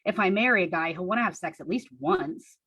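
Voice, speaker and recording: Young woman, husky, dry close sound, deadpan diary reading with wry asides. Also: mid-range voice, brisk, no echo, poor audio. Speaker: storyteller reading her teenage diary on stage. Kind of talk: comic reading of childhood diary.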